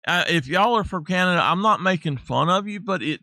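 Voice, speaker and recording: A man's voice: high voice, lively intonation, a little fast, sharp tone, dry recording, clean studio sound. A man with a Southern US accent, chatting casually while streaming a game and laughing at his own jokes. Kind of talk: casual live-stream chat.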